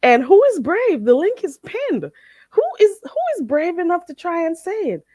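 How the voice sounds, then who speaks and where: Her voice is very high and very animated yet mellow, captured in a dry, clean studio recording. Hosting a live stream, this woman teaches viewers phrases with slow, stretched-out demonstrations, bantering casually and teasing them in fun.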